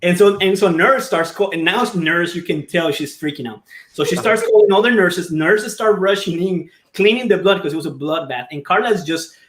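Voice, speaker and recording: A man in casual chat recounting his daughter's birth, an animated storyteller who often breaks into laughter. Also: high voice, normal speed, reverberant.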